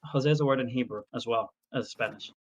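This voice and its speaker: A man's voice: mid-range voice, fairly quick, a crowd in the background. Hesitant man on a dull call line. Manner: hesitant, explains with fillers. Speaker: guest caller. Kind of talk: casual chat.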